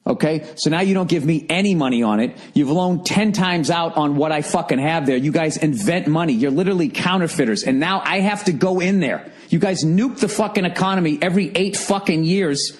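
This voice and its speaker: A man's voice: on the high side, a little fast, hardly any pauses, husky. A man hosting a podcast alone, ranting in an exasperated, profane solo monologue. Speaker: podcast host. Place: alone in a room.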